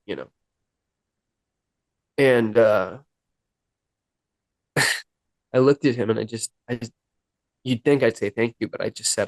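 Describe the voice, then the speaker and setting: At a moderate pace and with frequent pauses, a man with a mid-range voice is recorded without echo. He's a musician being interviewed on a podcast, sincerely recounting his recovery, performing the dialogue and at moments close to crying.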